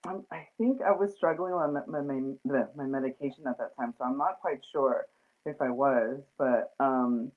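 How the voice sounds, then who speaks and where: A woman's voice: rumbling low, moderate pace. Chatty woman on a tinny line. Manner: chatty, lots of fillers and laughter. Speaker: host. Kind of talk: casual chat.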